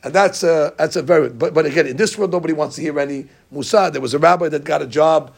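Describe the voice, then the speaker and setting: Gravelly high-voiced rabbi preaching. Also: male voice, fast talker. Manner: animated storytelling, acting out congregants' complaints; mixes Hebrew terms into English. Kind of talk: sermon.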